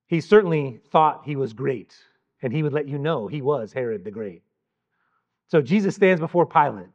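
A man delivers a scripted Bible lesson in a measured, emphatic voice, letting key words land after deliberate pauses. His pitch sits in an ordinary middle range for a man. The recording is a little dull and lo-fi. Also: expressive. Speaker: Bible teacher. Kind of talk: scripted Bible teaching narration.

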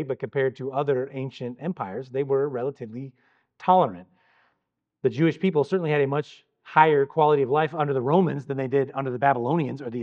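A man teaching about the Bible in a measured, emphatic way, pausing deliberately on key words. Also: mid-range voice, dull audio. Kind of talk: scripted Bible teaching narration.

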